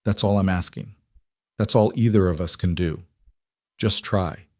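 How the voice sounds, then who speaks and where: A man's voice: low voice, unhurried, dark tone, no room sound, clean studio sound. A man reading the part of a talkative, cheerful widowed frontier husband, speaking earnestly.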